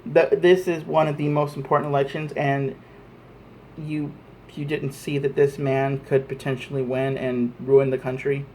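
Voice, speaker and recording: A man's voice: mid-range voice, level tone, normal speed, a little mellow, a little hiss or hum. A man vlogging an angry, profane rant to camera, repeating himself as he presses his points.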